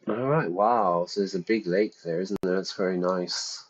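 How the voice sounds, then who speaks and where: A man's voice: low voice, normal speed, rough recording. A middle-aged man, an English teacher chatting casually and wryly through an online lesson. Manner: chatty, wry, rambling asides. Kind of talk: casual screen-share lesson, reading aloud.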